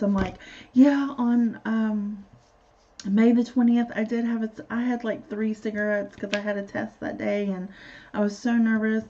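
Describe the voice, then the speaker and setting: Casual vlog voice: young woman, gravelly and mellow tone, blunt and rambling, lo-fi sound. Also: medium pitch. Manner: candid, profane, rambling. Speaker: vlogger. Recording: dull lo-fi recording.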